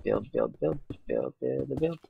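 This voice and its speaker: Guy muttering thru a minecraft let's play, slow and self-deprecating, dull lo-fi mic with faint hiss and mouse clicks. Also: medium pitch, very animated, creaky. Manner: self-mocking, rambling, muttering to himself. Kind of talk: casual game commentary.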